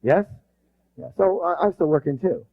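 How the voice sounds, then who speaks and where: Energetic seminar man, muffled recording. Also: a little high, moderate pace. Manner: energetic, drills the audience with rhetorical questions; emphatic, bursts loud when stressing passion. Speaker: motivational seminar speaker. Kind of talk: live seminar talk with call-and-response. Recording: dull lo-fi recording.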